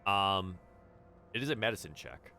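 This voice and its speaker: A man narrating as dungeon master in a lively, playful way. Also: sits low, normal speed, a little hiss or hum. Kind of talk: narrating a tabletop game.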